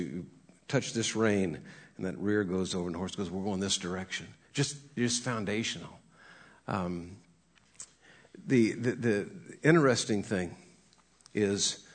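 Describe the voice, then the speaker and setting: A middle-aged man, a horse trainer and cowboy preacher, telling folksy stories about horses and acting out what they think. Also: on the low side. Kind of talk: folksy storytelling with a sermon message.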